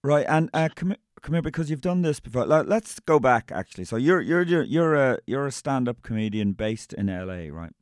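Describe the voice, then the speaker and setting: A man's voice: mid-range voice, sing-song, fairly quick, few pauses, dry recording, studio quality. A man with a Dublin Irish accent hosting a podcast, chatting casually in a rambling way, full of slang and fillers. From Ireland. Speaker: podcast host and comedian.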